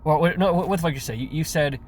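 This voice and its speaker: A man's voice: a little high, fast talker. A man ranting in a reaction commentary, sarcastic and profane, often stammering and restarting his words. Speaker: commentary youtuber.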